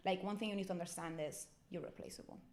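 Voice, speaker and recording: A woman's voice: lowish voice, fast, slight background noise. A young woman, a model, talking in a casual interview and acting out quoted dialogue. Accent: non-American foreign accent. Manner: animated, acts out quoted dialogue. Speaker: guest model.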